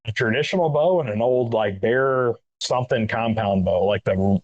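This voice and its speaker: A man's voice: medium pitch, normal speed, darkish tone, highs cut off. A man with a Texan accent telling a rambling story in casual chat, peppering it with dude and man. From Central Texas. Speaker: guest, retired Army master sergeant.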